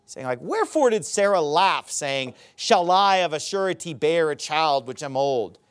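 A man preaching a sermon with a high, lively voice. He reads scripture and acts out characters' words with mocking, animated emphasis. His pitch climbs and swoops as he drives each point home. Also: normal speed, clean tone. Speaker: pastor.

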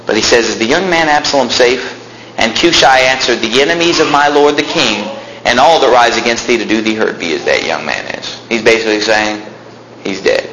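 Speaking a little fast with a sharp tone, a young adult man's lowish voice comes through with slight background noise in an echoey, faintly ambient room. He preaches from scripture, reading it aloud and explaining it simply, building to fervent emphasis.

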